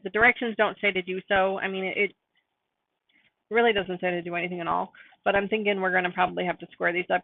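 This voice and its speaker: A woman's voice: medium pitch, vocal fry, no echo. Chatty woman on a tinny line. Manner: chatty, apologetic, laughs often. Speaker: live-stream quilting host. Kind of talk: casual live-stream sewing chat. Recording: dry, phone-like narrow sound.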